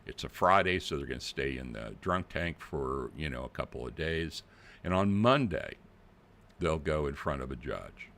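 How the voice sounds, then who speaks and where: A man's voice: extremely low pitch, animated, normal speed, gravelly, fairly bright tone, full character voice. A man doing a pushy fake cop on the phone. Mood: officious. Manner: brusque, impatient, bullying. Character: pushy male phone scammer posing as a police officer.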